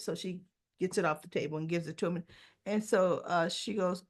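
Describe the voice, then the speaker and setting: A woman's voice: on the low side, normal speed. A woman hosting a soap opera recap, casually retelling scenes and acting out the characters' lines in changing voices. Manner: animated storytelling, acts out characters' lines with shifting voices.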